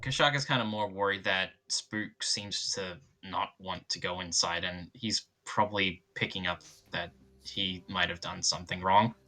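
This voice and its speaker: A man narrating his character in a tabletop role-playing game, soft-spoken and hesitant with frequent restarts. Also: low voice, moderate pace. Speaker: player.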